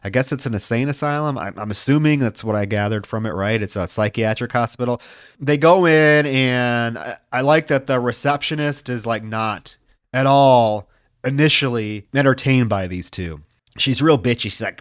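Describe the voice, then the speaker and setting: A man's voice: medium pitch, moderate pace, dry recording, clean studio sound. A man on a podcast panel, casually retelling a film's plot with lots of filler words. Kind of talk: casual film discussion.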